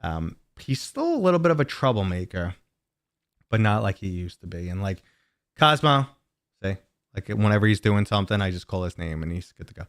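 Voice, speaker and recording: Low-voiced chatty man streaming from home. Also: very animated, a little fast, no room sound, clean studio sound. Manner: rambling, chatty, talks to viewers and his dog. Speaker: gaming livestream host. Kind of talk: casual livestream chat.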